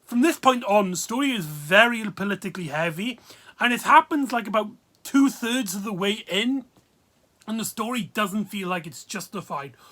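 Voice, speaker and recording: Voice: mid-range voice, expressive, moderate pace, bright, forceful tone. A video reviewer, talking casually and rambling with many fillers and asides. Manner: rambling, full of fillers and laughs.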